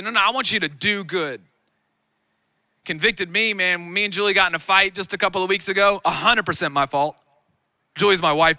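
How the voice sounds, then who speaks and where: A man in his thirties preaching a sermon on a lawn, energetic and conversational with self-deprecating humor. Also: sits high, dry recording. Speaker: pastor. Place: outdoor lawn gathering.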